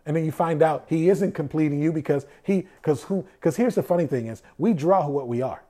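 A man's voice: fairly high pitch, brisk, mellow. A man giving a conversational sermon. He often asks rhetorical questions and answers them himself, and he acts out the voices of people he quotes.

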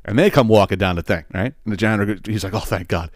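Low-voiced man telling a crude joke. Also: fast, no echo, clean studio sound. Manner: rambling, profane, laughing. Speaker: podcast host. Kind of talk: casual comedic storytelling.

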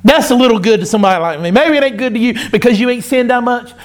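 A man preaching a sermon to his church, fervent and repetitive, with folksy phrasing and sudden loud bursts. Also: extremely high pitch, very fast. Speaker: pastor.

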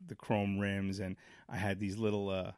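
A man from Brooklyn telling a story in casual chat, rambling and animated, full of fillers and acted-out quotes. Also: lowish voice, moderate pace, clear, resonant tone, no room sound, studio quality. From Brooklyn, New York. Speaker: podcast co-host.

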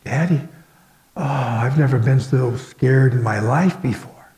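A man preaching, voicing a frightened little girl calling for her father in the dark. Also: mid-range voice, unhurried, lightly acted. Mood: scared. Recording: echoey hall with long reverb.

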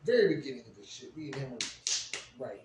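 A young man telling a long, profane story in a casual podcast chat, getting loud when he quotes himself. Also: mid-range voice, sing-song, fast. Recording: roomy echo, faint ambient noise.

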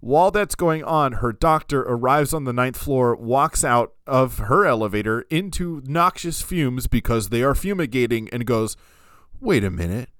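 Animated man recapping a film, dry sound. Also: on the high side, dry recording. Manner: animated storytelling, acting out scenes. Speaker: podcast co-host. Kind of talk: casual film recap chat.

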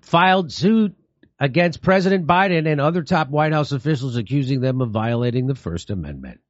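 A man's voice: medium pitch, expressive, a little fast, no room sound, highs cut off. A man hosting a show, reading news stories with sarcastic asides in a casual commentary style. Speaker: show host.

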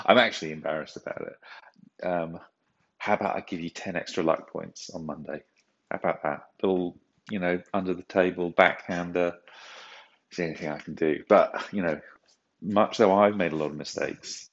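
Deep-voiced man on a dull recording. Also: steady tone, unhurried. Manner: mock-apologetic, teasing, emphatic. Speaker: podcast caller. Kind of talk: recorded voice message.

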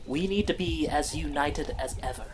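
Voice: medium pitch, normal speed, noisy background, natural voice. A game master voicing an earnest noble woman who urges her companions toward unity. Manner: pleading, rallying speech.

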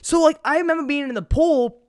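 A man's voice: very high-pitched, brisk, darkish tone. A man from New York telling a rambling, profane story in casual chat, with many restarts.

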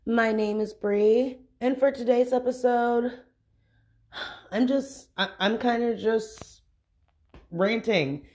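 Young woman, vlog rant, unhurried delivery, exasperated, cursing, halting restarts. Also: on the high side, darkish tone. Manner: frustrated, swearing, halting restarts. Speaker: vlogger. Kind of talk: casual venting rant.

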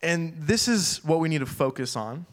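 A man's voice: a little high, lively intonation, normal speed. Casual young man preaching. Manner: casual, filler-heavy preaching with acted-out quotes. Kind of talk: sermon.

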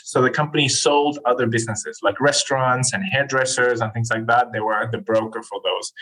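A man speaking as a podcast guest, telling a career story in a relaxed, chatty way with fillers. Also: medium pitch, poor audio. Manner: relaxed, chatty, frequent fillers and restarts with brief laughs. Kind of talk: casual storytelling interview.

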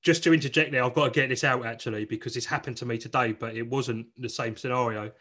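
A man's voice: medium pitch, steady tone, fast talker, fairly bright tone. Chatty man hosting a podcast. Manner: chatty, loose, many fillers and restarts. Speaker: podcast host. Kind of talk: casual chat.

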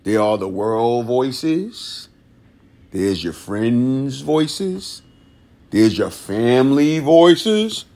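A man's voice: medium pitch, big pitch swings, drawn-out words, warm tone. A man hosting a motivational talk, dramatic and repetitive, often laughing between his lines. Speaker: motivational podcast host. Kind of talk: inspirational monologue.

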